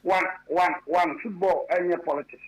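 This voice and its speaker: A man with a strikingly high voice debates politics on a radio talk show. He is emphatic and insistent, restating the same point again and again until it lands. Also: fairly even intonation, normal speed, poor audio. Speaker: political commentator.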